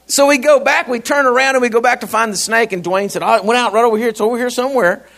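A male pastor, telling a personal story in a sermon, laughing and animated. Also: very high voice, quick pace, gravelly.

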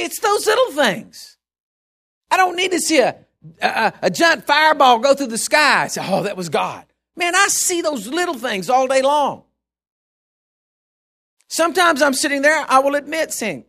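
A man's voice: very high-pitched, sing-song, normal speed, pauses often, bright, forceful tone. A male preacher giving a sermon in an emphatic, conversational way.

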